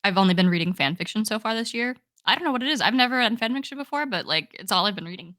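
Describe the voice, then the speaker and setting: A woman's voice: mid-range voice, animated, racing, fairly bright tone, dry recording, studio quality. A young woman co-hosting a podcast, chatting casually and enthusiastically with lots of "like"s. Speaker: podcast co-host. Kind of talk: casual chat.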